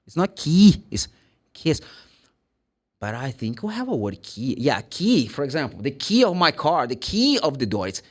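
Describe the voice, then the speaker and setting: A man's voice: medium pitch, big pitch swings, normal speed. A man from Brazil with a Brazilian Portuguese accent, a Portuguese speaker teaching English pronunciation in a casual video lesson, repeating sounds and words to demonstrate them.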